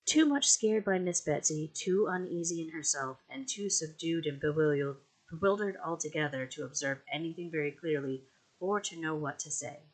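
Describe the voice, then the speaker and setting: Measured amateur audiobook narrator. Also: medium pitch, low-quality recording. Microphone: home recording mic.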